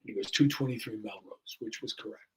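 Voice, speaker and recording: A man's voice: on the low side, fast talker, breathy edge, poor audio. A man in his sixties, a fire chief and podcast guest, telling a story in an earnest, rambling way with many fillers. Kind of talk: casual storytelling in a podcast interview.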